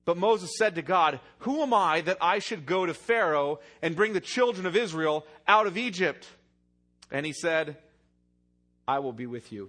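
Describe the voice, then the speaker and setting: A male pastor preaching a sermon, reading scripture and retelling it with dynamic swings from loud emphasis to quiet, hushed lines. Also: a little high, animated, normal speed.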